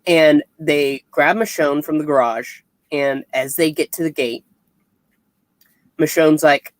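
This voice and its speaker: A comic review co-host talks slowly and unhurriedly in casual chat. The voice retells scenes by acting out the characters' lines. The recording is dry, with no room sound. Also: medium pitch, steady tone, no room sound, low-quality recording.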